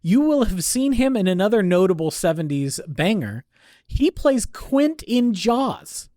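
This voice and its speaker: Podcast co-host, wry joking chat, lively pitch, dry close sound. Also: measured pace, dry recording. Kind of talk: casual chat.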